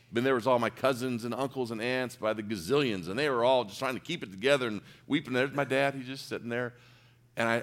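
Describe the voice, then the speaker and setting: A middle-aged male preacher with a fairly low voice tells a story from the pulpit. He speaks earnestly and with feeling, sinking to hushed near-whispers and then climbing to loud, emphatic peaks. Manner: earnest, emotional storytelling with sudden soft drops and loud peaks. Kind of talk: sermon storytelling.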